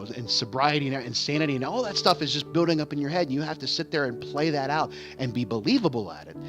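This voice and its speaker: This man, a vlogger and stage actor, speaks candidly and casually in a rambling monologue, with lots of repeated words and restarts. He has a mid-range voice, the recording is muffled, and game music plays in the background.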